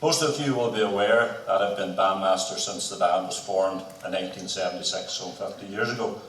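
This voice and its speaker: A man in his eighties with a Northern Irish accent, a bandmaster giving a measured, formal speech on his band's history. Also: low-pitched, fairly bright tone. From Northern Ireland. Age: 80s. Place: concert hall. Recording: echoey hall from far off.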